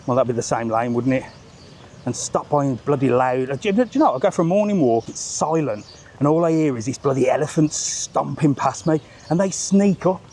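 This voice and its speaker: A man's voice: medium pitch, brisk, a little mellow, a little hiss or hum. A man walking a street on a live stream, ranting bluntly and joking with passers-by. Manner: blunt, sweary, joking, ranty. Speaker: vlogger and tour seller. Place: outdoor seafront street.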